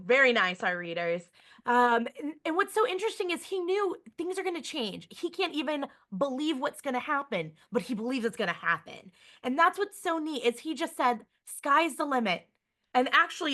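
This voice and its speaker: A woman museum educator giving a lively online lesson to students, chatty and checking in with listeners often. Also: on the high side.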